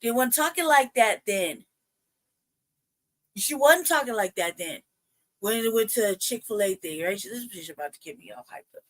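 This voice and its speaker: A woman's voice: fairly high pitch, normal speed. Heated, profane woman ranting. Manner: trying to calm herself down between outbursts. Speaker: livestream host. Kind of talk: ranting commentary livestream.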